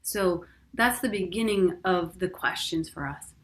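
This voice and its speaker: A woman giving a casual spiritual teaching talk. She tells personal stories in a chatty, expressive way, laughs often and speaks straight to the listener. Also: fairly low pitch, a little slow. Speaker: spiritual teacher leading a course.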